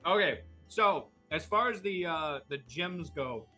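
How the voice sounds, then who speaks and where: A man at a tabletop game, pitching his plans in an upbeat, scheming way. His voice is fairly high and husky, and his pitch swings about a lot. Faint music sits behind him. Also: animated, measured pace, bright, forceful tone. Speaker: player. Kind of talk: tabletop role-play.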